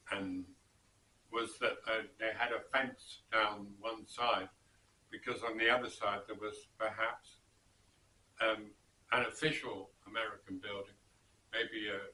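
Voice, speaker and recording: A man recounts an old story at an unhurried pace, drifting and pausing as he goes. His voice is bright and clear. He sits back from the mic in an echoey room. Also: lowish voice, far from the mic, slight background noise. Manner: slow and rambling, with pauses and self-corrections. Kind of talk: casual spoken storytelling.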